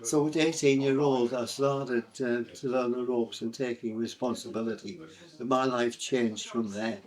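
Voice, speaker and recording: A man's voice: mid-range voice, fairly even intonation, normal speed, a crowd in the background. Older man, Sunderland accent, interview, rambling, hesitant, many fillers. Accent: Sunderland English. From England. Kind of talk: recounting life story.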